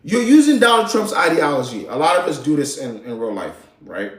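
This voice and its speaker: A high-voiced man rants on his live show, his pitch swinging widely as he gets heated. His talk is slangy and profane, and it carries a roomy echo around it. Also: big pitch swings, a little fast. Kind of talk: casual political rant.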